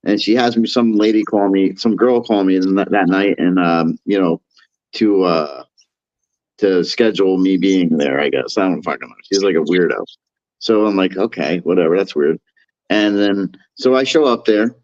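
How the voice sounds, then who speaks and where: A man telling a rambling, profane story on a podcast, acting out quotes in a higher voice. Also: moderate pace, darkish tone, no echo. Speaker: podcast co-host. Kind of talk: casual storytelling chat. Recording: dull lo-fi sound.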